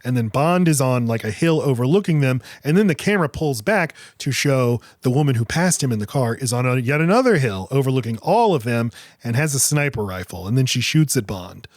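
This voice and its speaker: A man co-hosting a podcast, retelling a film scene by scene in casual, animated chat. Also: mid-range voice, fairly quick, few pauses, dry recording, clean studio sound. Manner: animated retelling with swearing and voice impressions. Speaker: podcast co-host.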